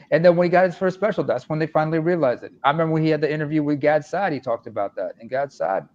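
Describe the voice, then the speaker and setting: A man talks earnestly in a casual online discussion, thinking aloud about his own life. His voice sits a touch high. The sound is muffled and lo-fi, as from a cheap microphone. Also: a little mellow. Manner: earnest, reflective storytelling. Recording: dull lo-fi mic.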